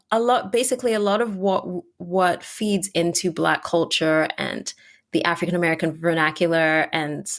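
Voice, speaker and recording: A woman hosting a podcast interview, chatting casually with many "like" fillers and speeding up when excited. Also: fairly low pitch. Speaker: podcast host.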